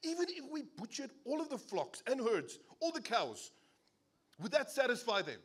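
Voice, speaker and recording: A man's voice: very high voice, big pitch swings, moderate pace, slightly rough, pitched above the performer's own voice, exaggerated voice. A man with a South African accent voicing an overwhelmed leader who pleads with frantic, rising questions.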